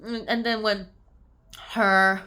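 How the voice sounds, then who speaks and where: A woman's voice: flat delivery, slow, sharp tone. A woman casually summarizing a book aloud, rambling with many "like"s and restarts, and sometimes acting out the characters' lines. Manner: acts out characters' lines with big jumps in pitch.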